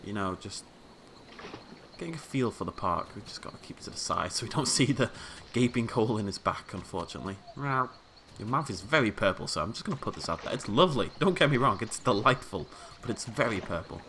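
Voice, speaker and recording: Male game-video host, chatty and joking, low voice with a sharp edge. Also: expressive, fairly quick, slight background noise. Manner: playful, chatty, talks to the game characters. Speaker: let's play host. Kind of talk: casual gameplay commentary.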